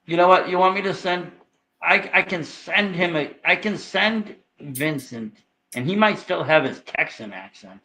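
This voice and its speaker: A man's voice: high voice, animated, measured pace, bright, forceful tone, rough recording. A man from Massachusetts with a Boston accent, co-hosting a casual late-night chat with joking, profane banter. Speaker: co-host.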